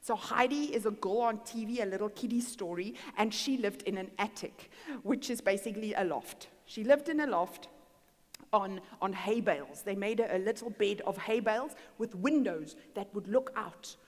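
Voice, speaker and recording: A woman's voice: medium pitch, moderate pace. A middle-aged woman, preaching and telling a personal story in a church. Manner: animated storytelling, acting out dialogue. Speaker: guest speaker. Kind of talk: sermon with personal testimony. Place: church hall. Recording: long hall reverb.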